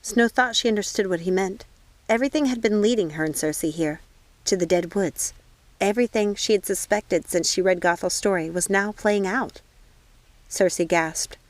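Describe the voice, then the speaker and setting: Woman reading an audiobook, measured. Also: medium pitch, no echo. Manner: even, measured storytelling. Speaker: audiobook reader. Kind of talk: audiobook narration.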